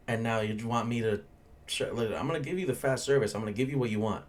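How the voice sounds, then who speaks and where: A young man who hosts a podcast and works as a bartender tells a story bluntly, ranting and swearing freely. He talks fast in a fairly low voice.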